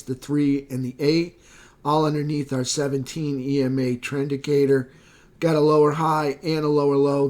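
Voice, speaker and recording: A slightly hoarse man giving a casual market recap, thinking aloud with fillers and quick self-corrections. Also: mid-range voice, a little mellow. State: slightly hoarse, losing his voice. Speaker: market analyst. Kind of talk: screen-share market recap.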